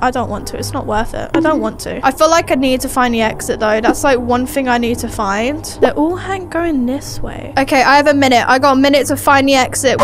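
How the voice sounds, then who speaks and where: A young woman with a high, bright voice talks her viewers through a scary game in a jumpy, nervous way. Clear game music plays behind her. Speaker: gaming YouTuber. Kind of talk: excited gameplay commentary.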